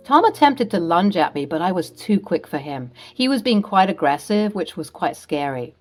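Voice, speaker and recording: A woman's voice: on the low side, big pitch swings, normal speed, hardly any pauses, soft background music. A woman narrating a scripted story in a dramatic, recounting manner.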